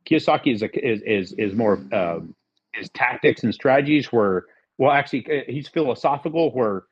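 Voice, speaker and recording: A man's voice: mid-range voice, animated, normal speed, breathy edge, muffled recording. A middle-aged man as a podcast guest, telling a rambling story casually and acting out the lines of the people in it. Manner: rambling, acts out quoted dialogue.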